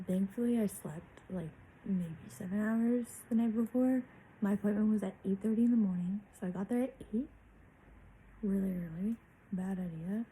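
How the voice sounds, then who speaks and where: A woman's voice: medium pitch, moderate pace, mellow, slight background noise, rough recording. Candid young woman telling a story. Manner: candid, swearing, loose chatty storytelling. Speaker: vlogger. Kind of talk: personal story time.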